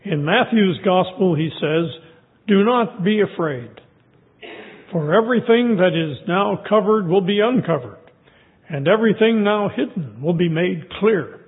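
A man preaching a sermon, reading scripture and telling stories in a measured way. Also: high voice, expressive. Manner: measured storytelling delivery. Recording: tinny phone-like sound.

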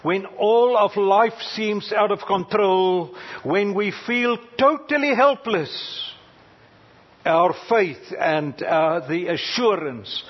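A male preacher delivering a sermon with a husky, breathy voice that sits high for a man. He speaks slowly, letting his delivery rise to loud cries and fall to hushed near-whispers, often pausing with fillers. The recording sounds dull and lo-fi. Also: lively intonation. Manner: halting, with frequent uh fillers.

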